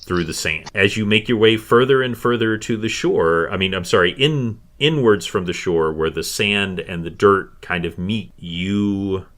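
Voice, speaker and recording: A man's voice: on the low side, unhurried, hardly any pauses, fairly bright tone. A man narrating as game master of a tabletop fantasy game, with many hesitations and fillers.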